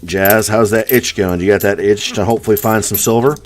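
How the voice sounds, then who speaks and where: A man's voice: fairly low pitch, steady tone, fairly quick, soft background music. A man from the US East Coast hosting a casual live stream, chatting and answering viewer comments one by one. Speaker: coin roll hunting live streamer.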